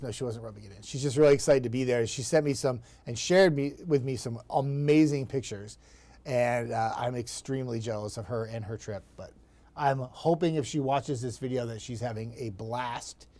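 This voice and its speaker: A man's voice: medium pitch, normal speed, a little mellow. A man hosting a casual live weather chat, greeting viewers by name in a chatty, self-deprecating, upbeat way.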